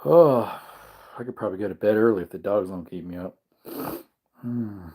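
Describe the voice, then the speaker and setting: This livestream host has a low, warm, husky voice and speaks fairly quickly. Yawning and worn out, he rambles through chat comments, chuckling and thinking out loud.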